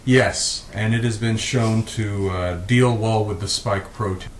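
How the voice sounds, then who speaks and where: A man's voice: on the low side, steady tone, a little slow. Man, interviewer, hesitant with fillers, roomy echo, faint background noise. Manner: hesitant, many "uh" fillers and restarts. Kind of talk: casual questioning.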